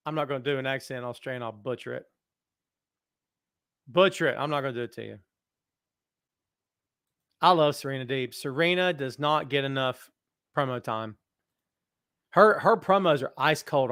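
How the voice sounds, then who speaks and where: A man hosting a wrestling talk stream, reading viewer comments aloud and talking to his audience with animated, self-mocking chatter. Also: fairly high pitch, no room sound, clean studio sound. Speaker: host.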